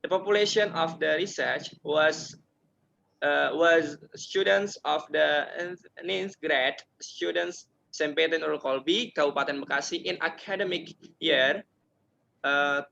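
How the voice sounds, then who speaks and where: Young man, student defending his thesis, halting and full of fillers, slightly high gravelly voice, dull lo-fi sound. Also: pushed and bright, slight background noise. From Indonesia. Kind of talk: formal academic presentation.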